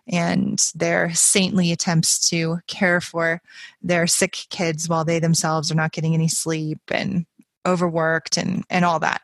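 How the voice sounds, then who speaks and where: A woman chats easily about a poem, her voice sitting low. She talks in a relaxed, unscripted way, and the recording is close and dry. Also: no room sound. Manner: chatty and warm-hearted, with frequent ums and uhs. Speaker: podcast host. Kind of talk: casual poetry commentary.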